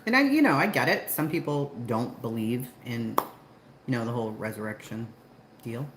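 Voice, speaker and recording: Woman, low voice, very lively pitch, chatty host, coaxes dogs at home. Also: normal speed. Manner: chatty, laughs often, talks to her dogs in a high coaxing voice. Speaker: livestream host. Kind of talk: casual chat with viewers. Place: at home, indoors. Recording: very echoey room with background noise.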